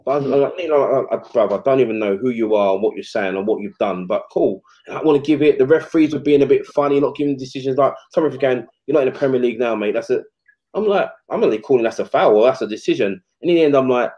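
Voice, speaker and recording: Man in his 40s, slangy animated storytelling, mid-pitched voice, slightly muffled podcast sound. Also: quick pace. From England. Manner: animated, slangy, acts out quotes. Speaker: retired footballer guest. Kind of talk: casual storytelling interview.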